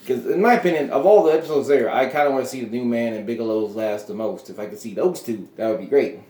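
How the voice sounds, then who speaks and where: A man's voice: mid-range voice, quick pace, dark tone, echoey room. A man hosting a casual solo show, rambling through his thoughts with frequent chuckles and trailing off. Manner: meandering, chuckling often, trailing off. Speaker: podcast host.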